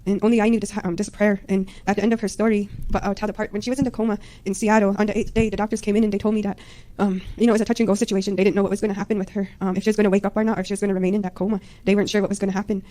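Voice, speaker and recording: A woman rushes through a personal faith testimony in a mellow, fairly monotone voice. She sounds hesitant and keeps filling gaps with "you know" and "um". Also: mid-range voice. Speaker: mother giving a testimony.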